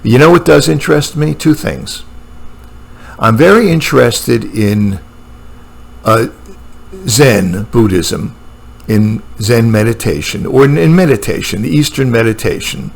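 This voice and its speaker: Gravelly-voiced man musing aloud. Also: mid-range voice, measured pace. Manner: musing, with frequent fillers and restarts. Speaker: booktuber talking about philosophy. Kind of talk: casual spoken monologue. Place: room at home with a computer and a painting.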